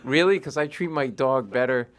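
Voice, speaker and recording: A man, a comedian, telling animated stories in an interview and acting out voices in his anecdotes. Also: medium pitch, moderate pace. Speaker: comedian guest. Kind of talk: storytelling interview chat.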